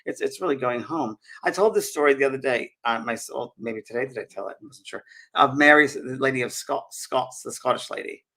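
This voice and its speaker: A man co-hosting a livestream chat as a medium, talking in an animated, rushed way with many restarts. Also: mid-range voice. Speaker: co-host, medium.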